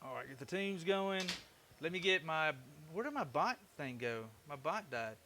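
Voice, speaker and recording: A middle-aged man with a bright, fairly high voice talks loosely with viewers on a woodworking stream, cracking jokes and thanking new followers. He rambles as he works at the bench. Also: animated, moderate pace, slight background noise. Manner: chatty, joking, thanks viewers often. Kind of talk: casual live-stream chat while working.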